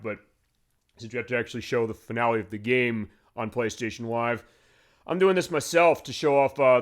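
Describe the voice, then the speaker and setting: A man hosting a retro game show, explaining in a rambling voice-over full of fillers. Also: medium pitch. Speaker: game stream host.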